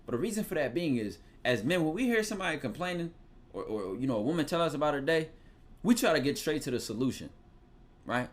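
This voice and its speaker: Talking fast with a high-leaning voice, a Philadelphia podcast host with a thick local accent hands out casual advice. His delivery is slangy, loose and profane, with lively storytelling.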